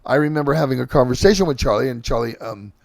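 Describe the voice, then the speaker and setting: Brief: middle-aged male host, gravelly voice, dry close sound, loose storytelling full of ums and restarts. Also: mid-range voice, dry recording. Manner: halting, with many fillers and restarts. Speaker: podcast host and band singer. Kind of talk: casual rambling storytelling.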